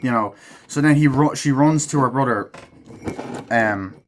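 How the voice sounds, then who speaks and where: A man's voice: mid-range voice, measured pace, slight background noise. Rambling, swearing man reviewing a movie. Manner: rambling, profane, filler-heavy retelling. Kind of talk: casual spoken movie review.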